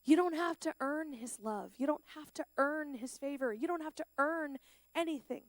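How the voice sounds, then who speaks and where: High-pitched woman speaker, animated chapel talk, dry recording. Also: moderate pace, no echo. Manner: animated, plays out the characters' lines. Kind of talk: sermon. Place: school chapel.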